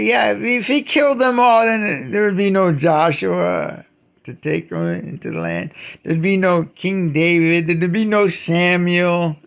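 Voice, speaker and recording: A man delivering an indignant ranting monologue, repeating and restarting his words and shouting out accusations. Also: high-pitched, gravelly. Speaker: channel host.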